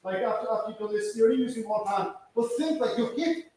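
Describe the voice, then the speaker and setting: A man's voice: high-pitched, quick pace, warm tone, a little hiss or hum. A man teaching a karate class, giving instructions and checking in with a frequent "yeah?". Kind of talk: teaching a martial arts class. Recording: echoey room from a distance.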